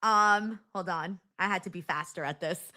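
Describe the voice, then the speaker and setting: A woman's voice: on the low side, normal speed, bright, forceful tone, dry recording, studio quality. A woman hosting a live stream watchalong, reading viewer comments aloud with frequent laughter and playful jokes. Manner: giggly, joking, reading chat comments aloud. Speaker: host.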